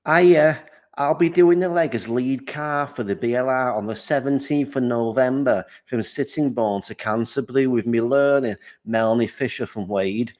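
A chirpy Scouse driving instructor, put on by a man reading a listener's message aloud. The accent is laid on broad for fun, and the lines come out bright and cheeky. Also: mid-range voice, natural voice.

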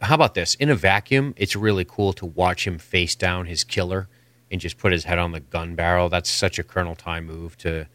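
Low-voiced man ranting casually. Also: a little fast, a bit bright, no room sound. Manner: opinionated, rambling, swears freely. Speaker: podcast co-host. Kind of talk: casual chat.

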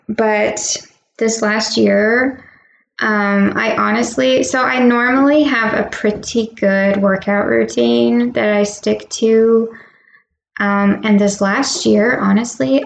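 A woman's voice: medium pitch, creaky. A woman co-hosting a podcast in easygoing casual chat. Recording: roomy with faint noise.

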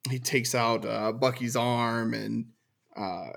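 A male podcast co-host laying out his views in a measured, hesitant way. He fills his pauses with ums, and his voice sits at an ordinary middle pitch. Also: steady tone, creaky, a bit bright. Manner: thoughtful, hesitant with many ums. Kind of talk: casual podcast chat.

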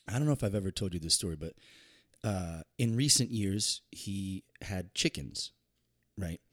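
Low-voiced man telling a casual story. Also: normal speed. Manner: storytelling, relaxed and conversational. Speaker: podcast co-host. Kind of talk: casual chat.

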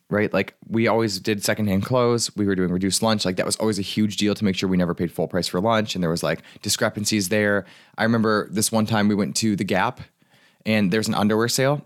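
Twenties guy coaching on his podcast, quick rambly chat, kinda low voice. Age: 20s. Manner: earnest, rambling, lots of "like" and restarts. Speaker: podcast host, life coach. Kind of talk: casual podcast monologue.

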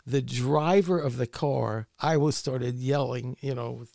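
A man, an author being interviewed, telling his story in a halting way with many repeated words. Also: medium pitch, creaky, a little mellow, no room sound, studio quality. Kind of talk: conversational interview.

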